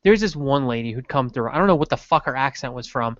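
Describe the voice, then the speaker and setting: A man's voice: mid-range voice, expressive, fast talker, dry recording, dull audio. A man co-hosting a podcast, trading crude jokes and laughing often. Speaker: podcast co-host. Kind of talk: crude casual banter.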